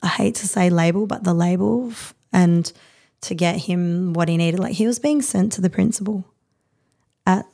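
A woman in her thirties, a podcast guest talking candidly in a rapid, rambling, heartfelt way with many fillers. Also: lowish voice, vocal fry, mellow. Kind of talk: candid conversational interview.

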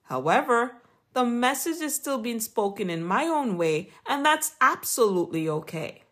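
A woman's voice: fairly high pitch, big pitch swings, moderate pace, fairly bright tone. A woman with a Jamaican accent reading an earnest, encouraging Christian motivational talk as a podcast host. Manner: earnest, encouraging, read from a script.

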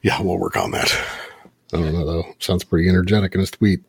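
A man hosting a podcast in casual chat, laughing often and swinging his pitch up when excited. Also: fairly quick, gravelly. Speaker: podcast host.

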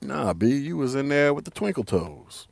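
A man rants on his own podcast in loose street slang, his pitch swinging widely as he laughs and circles back over the same points. The sound is dry and close, with no room echo. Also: normal speed, vocal fry. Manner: animated, slangy, laughs often, repeats himself. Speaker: podcast host. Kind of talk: casual solo podcast rant.

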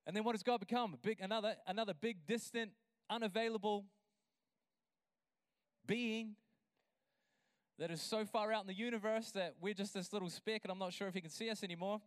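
A man with a high, smooth, resonant voice preaches a passionate sermon. He swings from easy, chatty asides to emphatic, stretched-out declarations. The sound is close and dry, with no room around it. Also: steady tone, no room sound. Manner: passionate, builds to emphatic drawn-out lines. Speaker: pastor.

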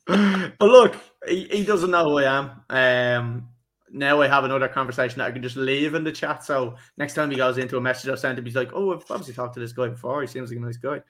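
A man's voice: medium pitch, fast talker, a bit bright. A young man hosting a football podcast, rambling through a story with lots of swearing and laughter. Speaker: podcast host. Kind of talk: casual football podcast chat.

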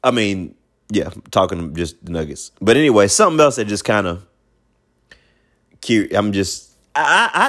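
A man hosting a sports talk show, giving a blunt, opinionated basketball commentary monologue in a colloquial way, often repeating himself. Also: medium pitch.

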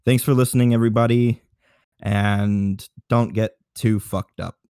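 A man's voice: on the low side, steady tone, a little mellow, clear, resonant tone, dry recording, clean studio sound. Breathless man hosting a podcast. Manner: halting, many fillers. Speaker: podcast host. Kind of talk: casual announcement.

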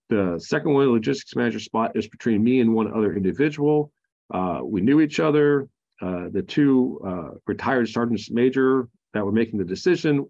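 A man's voice: fairly low pitch, a little mellow, muffled recording. A man, a Marine veteran guest on a podcast, telling his own story frankly, with many fillers and restarts. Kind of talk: candid personal storytelling.

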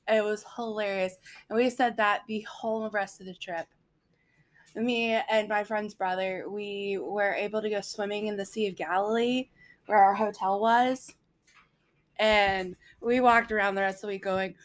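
A woman's voice: medium pitch, fairly even intonation, a little slow. A young woman telling a personal faith story in a casual, rambling way, often laughing at her own anecdotes.

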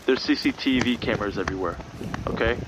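A man's voice: medium pitch, fast, noisy background, natural voice. An actor playing an exasperated, profane former police officer who stammers as he talks. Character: exasperated, profane male ex-cop friend.

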